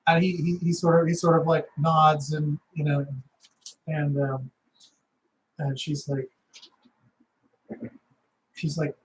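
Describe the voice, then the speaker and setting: Halting game master describing the scene. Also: male voice, fairly high pitch, flat delivery, a little hiss or hum, poor audio. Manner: halting, many fillers and restarts. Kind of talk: narrating a tabletop game.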